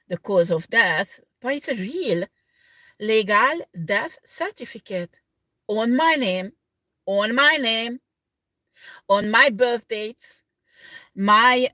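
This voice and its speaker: A woman tarot reader chatting casually on a livestream, rambling in halting second-language phrasing and often breaking into laughter. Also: mid-range voice, pushed and bright, dry recording.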